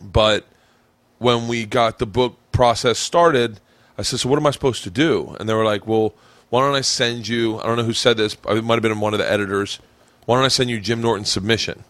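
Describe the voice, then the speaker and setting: A man hosting a podcast, chatting in an animated, profane way and laughing often. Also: fairly low pitch, brisk, no echo. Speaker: podcast host. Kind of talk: casual podcast chat. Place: home podcast room.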